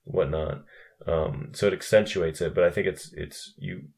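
A man's voice: low-pitched, normal speed, vocal fry, a little mellow. A young man co-hosting a casual film chat, rambling with restarts and cursing freely. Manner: rambling, profane, with frequent restarts. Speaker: podcast co-host.

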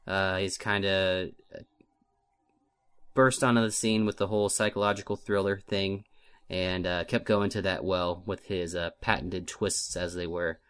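A man's voice: sits low, level tone, measured pace, a bit bright, clear, resonant tone. A man co-hosting a casual movie podcast, rambling and self-deprecating with many fillers. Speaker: podcast co-host, film list maker.

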